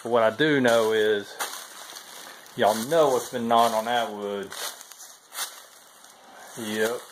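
Camped at a forest trail shelter on a long hike, a thru-hiker vlogger chats casually to his camera in a laid-back Southern style, saying "y'all" a lot. His voice is medium-pitched and steady, his pace slow, with background noise audible.

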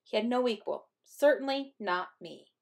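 A woman teacher reading a picture book aloud to third graders in a gentle, expressive way. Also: fairly high pitch, normal speed, vocal fry.

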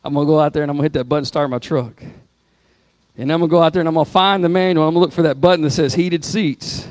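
Fervent preacher man, higher voice. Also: very fast, dry recording. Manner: preaching with rising shouts, then hushed prayer. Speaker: pastor. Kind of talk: sermon. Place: church sanctuary.

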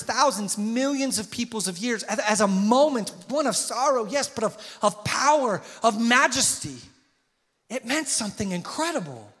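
Impassioned pastor in a reverberant church. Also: male voice, a bit bright. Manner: impassioned, rises in pitch and volume on questions. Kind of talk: sermon. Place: church sanctuary. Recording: long hall reverb.

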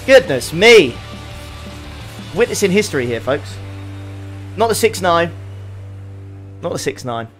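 A man streaming a racing game, chatting casually with viewers, excitable and jokey with plenty of swearing. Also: high voice, measured pace, pauses often, soft background music. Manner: excitable, joking, swears freely. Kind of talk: casual live-stream commentary.

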